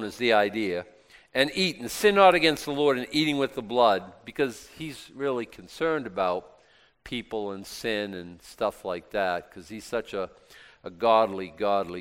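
A man with a smooth, resonant voice teaches through scripture in a hall with a long echo. He reads the verses loudly and then drops his voice for sarcastic, casual comments on them. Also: medium pitch. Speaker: Bible teacher. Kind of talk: Bible study teaching, reading scripture aloud.

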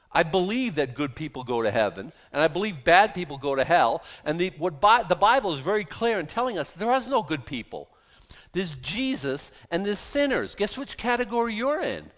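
A man's voice: high-pitched, a bit bright. A man preaching a sermon, emphatic and sarcastic, firing rhetorical questions at the congregation. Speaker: pastor.

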